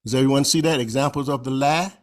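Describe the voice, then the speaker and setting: A man's voice: medium pitch, steady tone, fast. A man giving a slide presentation over a video call, talking in a folksy, conversational way and stretching out recited phrases for emphasis.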